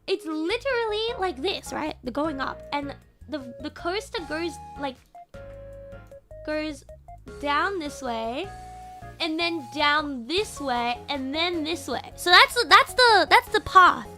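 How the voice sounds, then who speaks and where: A young woman streamer telling a story in casual, animated chat, often breaking into excited shouts. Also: high-pitched, slow pace, faint music behind.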